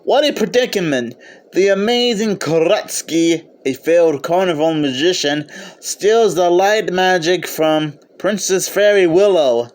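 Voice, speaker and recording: A man's voice: high voice, unhurried. A man giving an eager, casual video review of a film, often stopping to restart or correct himself. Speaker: movie reviewer.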